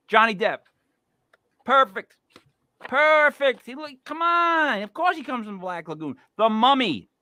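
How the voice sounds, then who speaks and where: A man's voice: high-pitched, bright, forceful tone, no echo, clean studio sound. A man hosting a podcast, talking in a casual, joking and emphatic way. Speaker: podcast host. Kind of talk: casual comedic chat.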